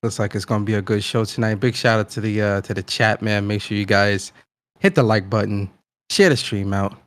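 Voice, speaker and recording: A man on a gaming podcast panel, greeting everyone in a loud, animated, joking way. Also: fairly low pitch, a little fast. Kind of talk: casual panel chat.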